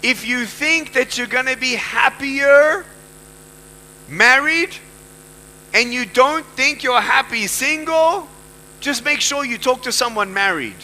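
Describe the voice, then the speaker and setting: A motivational speaker addresses a live audience emphatically, repeating key phrases and posing questions to the crowd. His voice is very high-pitched, slow, pushed and bright, on a rough recording.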